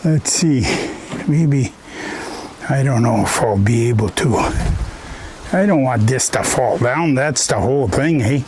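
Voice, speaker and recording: A man's voice: medium pitch, expressive, unhurried, long pauses, a little mellow, a little hiss or hum. A Canadian man chatting casually in his woodshed as he stacks firewood, rambling in a folksy way and tagging "eh?" onto his sentences. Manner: rambling, folksy, ends phrases with "eh?". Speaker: vlogger.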